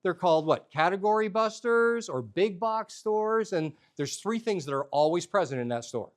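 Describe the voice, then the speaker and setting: Male storyteller, comic and self-mocking, with a bouncy, highly expressive delivery. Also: moderate pace. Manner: animated, humorous, self-deprecating. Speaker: storyteller leading a workshop. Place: workshop room with a live audience.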